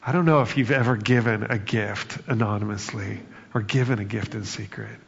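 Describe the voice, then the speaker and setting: A man's voice: mid-range voice, slightly rough. A man delivering a sermon in a conversational way, acting out quoted lines with bursts of humor. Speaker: pastor. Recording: reverberant hall, dull sound.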